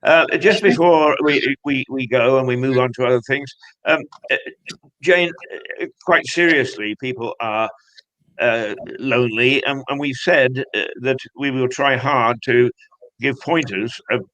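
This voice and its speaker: A male host with a bright, forceful tone interviews a guest on a magazine show. He talks in a jovial, halting way and stops and restarts his sentences often. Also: mid-range voice, low-quality recording. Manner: hesitant, many fillers and restarts, jovial.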